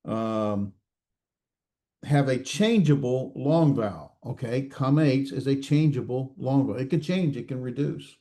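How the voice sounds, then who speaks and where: Guy teaching a class, lots of uh's and restarts, kinda mellow dark voice, fixes his own slips as he goes. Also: mid-range voice. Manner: halting, many fillers and restarts; checks in with students, self-correcting. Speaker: instructor. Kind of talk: recorded class lecture.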